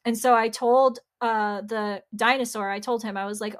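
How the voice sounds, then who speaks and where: A young woman hosts a podcast and tells a story from her old job in a relaxed, conversational way. Her voice sits a little on the high side, and she fills it with "like" and quick acted-out bits of dialogue. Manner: chatty, heavy use of "like", acts out quoted exchanges. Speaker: podcast host. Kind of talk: casual storytelling.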